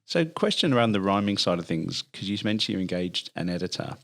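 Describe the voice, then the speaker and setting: A man hosting a casual podcast interview, asking quick, playful questions. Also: low-pitched, sing-song, creaky. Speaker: podcast host.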